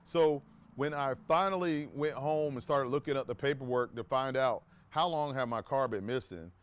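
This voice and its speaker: A man's voice: medium pitch, normal speed, clean tone. A man casually telling a personal story to his viewers, rambling with restarts and asides, and acting out quoted talk in a raised voice. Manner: acts out quoted dialogue in a raised voice.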